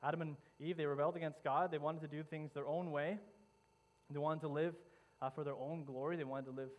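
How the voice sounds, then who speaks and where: Brief: male pastor, vivid dramatic storytelling sermon, somewhat high voice, lots of restarts. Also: fairly even intonation, fairly quick, lo-fi sound.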